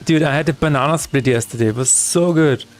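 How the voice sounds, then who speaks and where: A man's voice: on the high side, brisk, soft background music. A man streaming his game development work, talking through each step aloud in a chatty, self-correcting way. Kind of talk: live-streamed coding chat.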